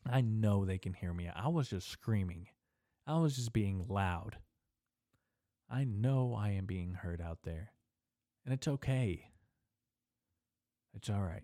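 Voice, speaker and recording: A young man with a low voice rambles through a solo podcast rant, peppering every sentence with swearing and casual slang. He talks straight into a studio mic on a stand, and the sound is close and dry. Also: unhurried, dark tone, no room sound. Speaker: podcast host. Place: small echoey room in an old building.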